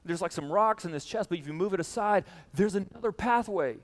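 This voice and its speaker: A man preaching a sermon to a congregation, telling a story with lively energy and addressing his listeners directly. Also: high voice, fast talker, big-room sound. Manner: animated storytelling, speaking straight to the congregation. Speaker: pastor. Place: church hall.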